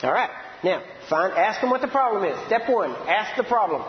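A man's voice: high-pitched, big pitch swings, normal speed, a little hiss or hum. A man teaching a live seminar, walking the audience through a method step by step and checking in with "right?". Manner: instructive, demonstrating step by step with frequent "right?" checks. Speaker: ministry teacher. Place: large hall before a live audience. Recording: echoey hall, dull lo-fi sound.

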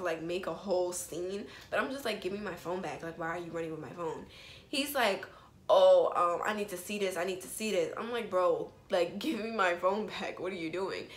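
A young woman telling a storytime vlog in casual chat, chatty and animated, with quick asides to her viewers. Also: medium pitch, reverberant. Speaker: vlogger.

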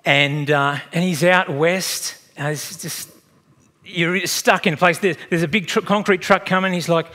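A man preaching a sermon in a conversational, animated way, acting out little dialogues and turning emotional at times. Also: on the high side, normal speed. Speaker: pastor. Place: church.

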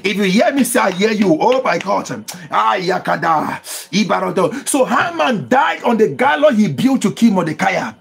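Fervent gravelly-voiced preacher man. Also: high voice, very animated, moderate pace, hardly any pauses. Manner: preaching with call-and-response and bursts of tongues. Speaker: pastor. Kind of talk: impassioned sermon with speaking in tongues.

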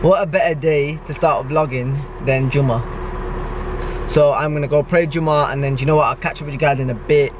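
A man's voice: fairly high pitch, steady tone, fairly quick. A young man with a Midlands English accent, chatting loosely to his vlog camera. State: tired. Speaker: vlogger. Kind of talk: casual vlog talk. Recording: noisy handheld camera audio.

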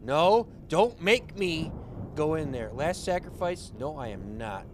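Male streamer, slightly high voice, panicky and profane, noisy mic feed. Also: lively intonation, unhurried. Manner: panicky, swearing, frantic outbursts. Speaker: game streamer. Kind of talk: live horror game commentary.

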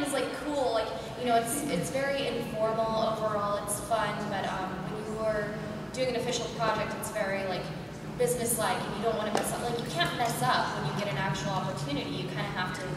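A young woman talks casually from a convention panel, a voice actress full of little fillers. She sits far from the mic, so her voice rings around a large, reverberant hall. A loud hiss of noise sits under everything. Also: mid-range voice. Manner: chatty, many fillers. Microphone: distant from the recording mic.

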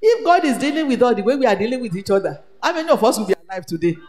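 Woman, Nigerian accent, lively preaching, roomy hall echo. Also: fairly high pitch, racing, slight background noise. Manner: animated, switches between English, Pidgin and Yoruba. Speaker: retreat speaker. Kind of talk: sermon. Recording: echoey hall with long reverb.

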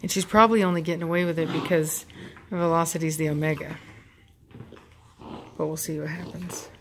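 A woman's voice: low voice, fairly even intonation, normal speed, noisy background. Chatty woman filming her dogs. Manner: chatty, amused, laughs often. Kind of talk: casual running commentary. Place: home with dogs playing nearby.

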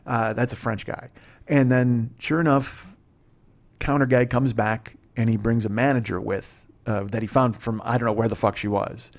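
A man's voice: mid-range voice, steady tone, normal speed. A male comedian hosting a podcast, telling a rambling story in a profane, self-deprecating way.

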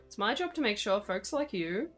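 A woman's voice: mid-range voice, big pitch swings, moderate pace, soft background music. Woman voicing an ominous small-town lady cop. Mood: lecturing. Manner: cold, warning.

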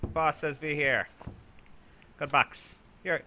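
A young man commentating his own gameplay, bragging goofily about being a genius and yelling for help in mock panic. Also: fairly high pitch, normal speed, a little hiss or hum. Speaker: gaming YouTuber. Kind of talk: let's play commentary.

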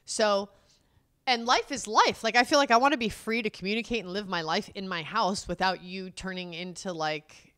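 A woman co-hosting a casual chat, animated and acting out both sides of an argument as she talks. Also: medium pitch, moderate pace, clean tone. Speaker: podcast co-host.

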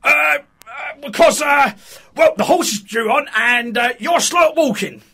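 A man's voice: very high-pitched, lively intonation, normal speed, creaky, pushed and bright, full character voice. A man playing Sid, a shifty, scheming older man in a radio comedy, stammering and evasive as he talks. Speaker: sitcom character. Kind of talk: amateur radio comedy acting.

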